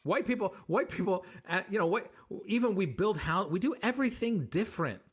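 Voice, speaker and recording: A comedian man answering interview questions with animated, joking stories, acting out bits of dialogue. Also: high-pitched, a little fast, breathy edge. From United States. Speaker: comedian guest.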